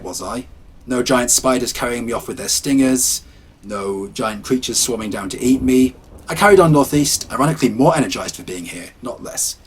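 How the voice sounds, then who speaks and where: Calm male horror storyteller. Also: mid-range voice, slight background noise. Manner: calm, measured first-person storytelling. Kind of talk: scripted narration.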